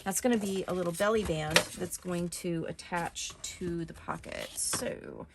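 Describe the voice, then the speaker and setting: A woman's voice: lowish voice, a little slow, very noisy. Chatty woman teaching a paper craft. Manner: chatty, relaxed, with frequent ums and self-corrections. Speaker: craft tutorial host. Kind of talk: casual step-by-step craft tutorial. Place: craft desk at home.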